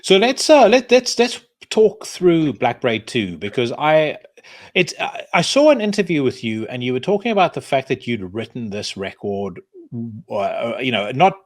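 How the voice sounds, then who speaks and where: A man's voice: mid-range voice, sing-song, normal speed, no echo, clean studio sound. A man hosting a podcast interview, chatting casually and at length, with frequent restarts and swearing. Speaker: podcast host.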